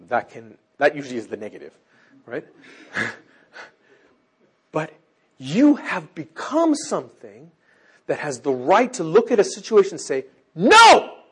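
Animated husky male preacher. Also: medium pitch. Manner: animated, swings from loud exclamations to near-whispers. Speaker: teacher. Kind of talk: sermon.

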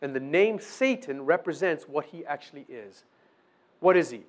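Animated, lively-voiced male preacher. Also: fairly high pitch, moderate pace. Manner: conversational preaching, often checks in with "okay?"; acts out short dialogues with the accuser. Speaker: pastor. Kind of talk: sermon.

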